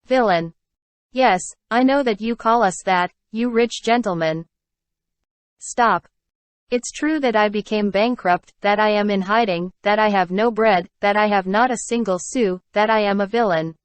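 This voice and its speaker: A woman's voice: mid-range voice, a little slow, clear, resonant tone, no echo, lightly acted. A woman voicing a ferocious, starving male innkeeper who rants with scorn, in a storybook reading. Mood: bitter ranting. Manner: ranting, scornful.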